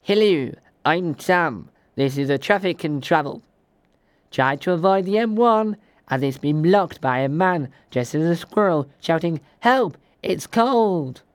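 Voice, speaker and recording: A man's voice: a little high, expressive, measured pace, dry recording. Sam, a man doing an upbeat traffic reporter. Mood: eager.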